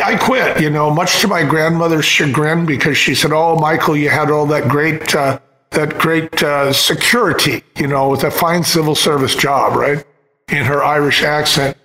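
A man, a guest on an interview show, telling his work story at an unhurried, steady pace with frequent pauses. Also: on the high side. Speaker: wine company co-founder, guest. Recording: roomy echo on the voice.

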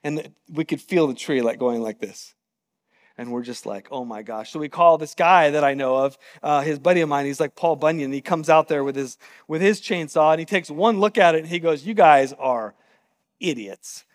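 High-voiced pastor in a reverberant hall. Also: male voice, brisk, few pauses. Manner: casual, animated storyteller. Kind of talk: sermon with storytelling.

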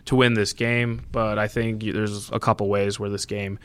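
Low, flat-voiced male co-host. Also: normal speed, clear, resonant tone, no room sound. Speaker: podcast co-host. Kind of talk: casual sports betting chat.

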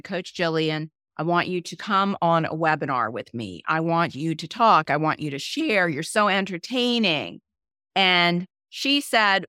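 Bright, smooth-voiced woman podcast host. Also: fairly low pitch, no room sound, clean studio sound. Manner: emphatic, persistent, repeats phrases for effect. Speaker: podcast host and business coach. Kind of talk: casual podcast chat.

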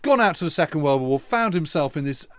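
A man, a historian and podcast co-host, telling a long, earnest anecdote in relaxed conversation. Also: fairly high pitch, fast, no echo. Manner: earnest, emphatic storyteller.

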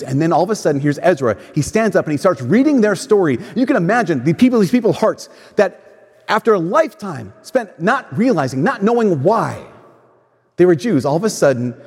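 Fairly high in pitch, with a darkish tone and a breathy edge, this man delivers a relaxed sermon full of stories. He acts out people's quoted words, and the recording has long church reverb.

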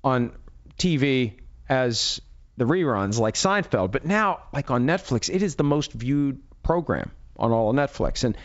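A man's voice: mid-range voice, lively intonation, a little slow, lo-fi sound. Chatty man talking through a head cold. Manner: chatty, rambling, self-deprecating asides. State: has a head cold, runny nose. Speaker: sports radio host. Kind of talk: casual monologue.

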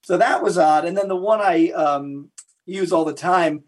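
A man with a fairly high, slightly husky voice tells stories in an interview as a historian. He slips into the voices of the people in his anecdotes and keeps a lively, storytelling flow. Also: a little slow. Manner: animated anecdote teller who acts out quotes. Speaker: guest historian and author.

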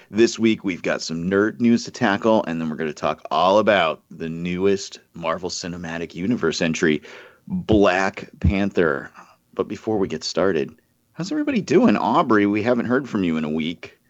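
A man's voice: low-pitched, dry recording, highs cut off. A man hosting a casual nerd podcast, introducing his co-hosts with upbeat, jokey patter. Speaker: podcast host.

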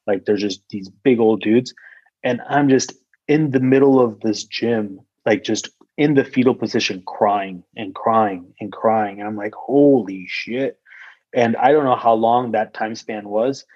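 Husky man telling a rambling story. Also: lowish voice, measured pace, a little mellow, no room sound, lo-fi sound. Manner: rambling, heavy use of "like", swears freely. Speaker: guest telling a personal story. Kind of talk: casual podcast conversation.

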